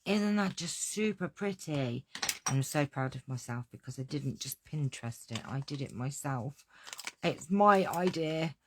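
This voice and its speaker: A woman's voice: extremely low pitch, moderate pace, background noise. A woman running a live card-making tutorial at her craft desk, gushing and exclamatory as she talks to her viewers.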